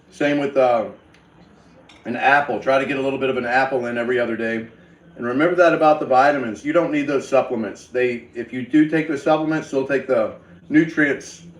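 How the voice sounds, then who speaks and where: A man, chatting casually in his kitchen while eating breakfast, rambling and talking with his mouth full. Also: medium pitch. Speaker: vlogger. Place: home kitchen, indoors. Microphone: camera set down nearby. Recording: roomy, from a distance, faint noise.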